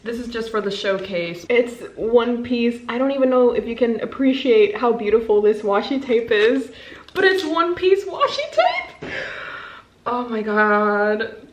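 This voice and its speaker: A woman in her twenties chatting to camera as a book vlogger, bubbly and gushing, breaking into quick bursts of excitement. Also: on the high side, slight background noise. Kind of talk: casual chat to camera. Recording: echoey room.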